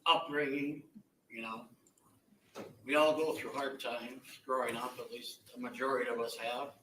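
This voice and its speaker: A man's voice: medium pitch, flat delivery, bright, forceful tone, a little hiss or hum. Blunt man in an echoey courtroom. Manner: blunt, halting, emotional. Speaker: victim's relative giving impact statement. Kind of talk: courtroom victim impact statement. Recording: echoey courtroom audio from far off.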